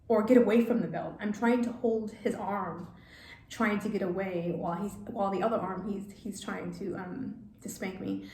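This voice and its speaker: A woman telling a personal story for her vlog, halting and hesitant, often restarting her sentences. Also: mid-range voice, darkish tone. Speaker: vlogger. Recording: echoey room, faint background noise.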